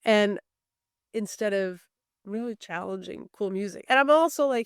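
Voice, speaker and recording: A woman's voice: medium pitch, moderate pace, smooth, no echo, clean studio sound. A middle-aged woman talking as a podcast guest, thoughtful and articulate, with easy laughter. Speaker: guest, recording artist. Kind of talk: podcast interview conversation.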